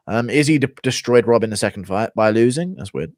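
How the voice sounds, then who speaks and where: A man's voice: mid-range voice, animated, fairly quick, hardly any pauses, darkish tone, no room sound. Blunt, sarcastic male streamer. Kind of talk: casual stream commentary.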